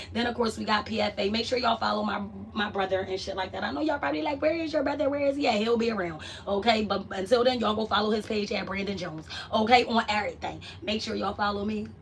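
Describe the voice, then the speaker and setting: A woman chats with her live-stream viewers from home in a loose, profane way. Her talk drifts between quiet murmurs and loud bursts. She sits some way off the mic, with a faint hiss in the background. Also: a little high, recorded from a distance. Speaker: vlogger hosting a live stream. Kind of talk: casual live-stream chat.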